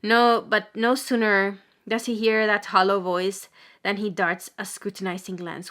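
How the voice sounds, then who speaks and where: A woman giving a dramatic reading of a sermon, swinging from loud emphasis to hushed whispers. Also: medium pitch, fairly even intonation, normal speed. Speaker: reader.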